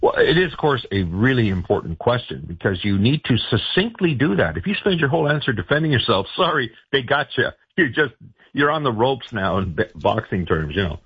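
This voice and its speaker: A man's voice: medium pitch, sing-song, brisk, husky, no room sound, muffled recording. A man giving political advice in a radio interview, talking loosely with many fillers and restarts. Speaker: political strategist guest.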